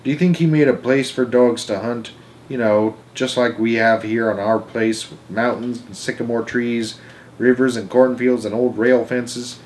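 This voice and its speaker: A man's voice: medium pitch, steady tone, normal speed, a little mellow, a little hiss or hum, close to an everyday voice. A man voicing a heartbroken young boy. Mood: earnest. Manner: pleading, heartbroken. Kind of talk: storybook read-aloud.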